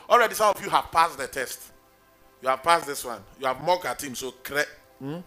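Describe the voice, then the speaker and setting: Male pastor, emphatic sing-song sermon delivery, bright tone. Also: a little high, animated, moderate pace, faint music behind. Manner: emphatic preaching, sing-song calls for amen.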